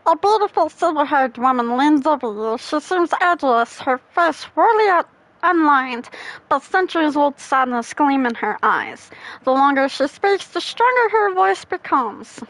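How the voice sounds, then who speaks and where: A woman's voice: high-pitched, animated, normal speed, fairly bright tone, no room sound, poor audio. A woman gamer reading game text aloud in a casual let's play, giggly and playful.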